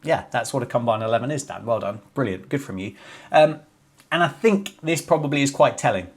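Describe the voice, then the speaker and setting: A young man talks through a cricket preview in a casual, chatty way. He keeps tossing in jokey asides and often corrects himself mid-sentence. His pitch sits right in the middle for a man. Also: animated, brisk. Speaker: cricket video host.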